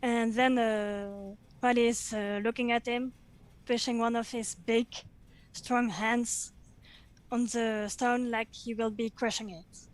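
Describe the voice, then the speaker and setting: A woman describes her character's actions in a tabletop game, slowly and haltingly. She pauses often with fillers, and her voice sits a little high. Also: little pitch movement, low-quality recording. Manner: hesitant, many fillers. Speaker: player. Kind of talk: casual tabletop play.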